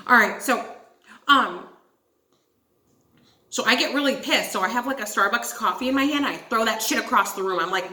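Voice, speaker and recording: Speaking at normal speed in a medium-pitched, bright, pushed voice, a young woman tells a story on her casual vlog. She's animated and profane and calls her viewers "guys," and the room echoes.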